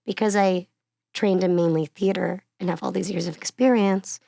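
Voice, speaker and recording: A woman from Miami, an actress guesting on an interview, telling stories in an animated, chatty way with frequent laughs. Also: on the low side, moderate pace, gravelly, no room sound, clean studio sound. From Miami, Florida. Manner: animated storyteller, laughs often between phrases; chatty, uses many fillers like "like" and "you know". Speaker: actress and singer-songwriter guest. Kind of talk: casual conversational interview.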